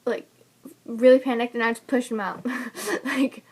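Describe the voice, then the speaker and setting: A woman's voice: on the high side, animated, normal speed, a little mellow. A young woman casually telling the story of giving birth, chatty and laughing often between fillers. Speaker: new mother telling her birth story. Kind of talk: casual personal vlog storytelling.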